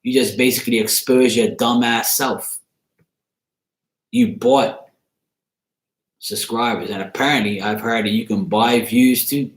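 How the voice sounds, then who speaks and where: A man's voice: medium pitch, fairly even intonation, a little slow, pauses often. A man hosting a tarot channel, telling a profane story in a casual, laughing rant. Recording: roomy echo.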